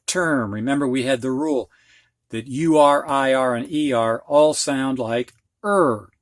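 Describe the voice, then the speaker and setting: Man, Midwestern accent, reading teacher, unhurried delivery, plainspoken, dry recording. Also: mid-range voice, no room sound. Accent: American Midwest. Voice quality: frank, plainspoken, exaggerates sounds to demonstrate. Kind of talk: slow, explanatory lesson.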